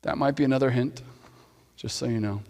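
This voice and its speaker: A man's voice: mid-range voice, brisk, darkish tone. A man preaching a sermon as pastor, talking in a conversational way with playful asides to the congregation. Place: church sanctuary. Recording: long hall reverb.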